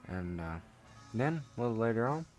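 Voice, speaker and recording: A man's voice: mid-range voice, big pitch swings, moderate pace, faint music behind. A young man casually telling a personal story, rambling and swearing with lots of fillers. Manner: rambling, profane, laid-back with many fillers. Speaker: vlogger.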